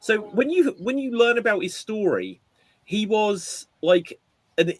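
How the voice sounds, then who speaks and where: A man co-hosting a casual podcast chat, telling an animated story and acting out quotes. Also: high-pitched, a little slow, no echo. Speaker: podcast co-host.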